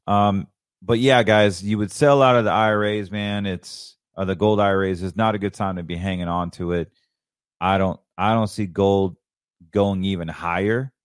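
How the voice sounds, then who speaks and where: A man's voice: low voice, steady tone, normal speed, clear, resonant tone, dry recording, studio quality. A middle-aged man hosting a podcast, talking in a rambling, enthusiastic way. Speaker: podcast host. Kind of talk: casual solo podcast monologue.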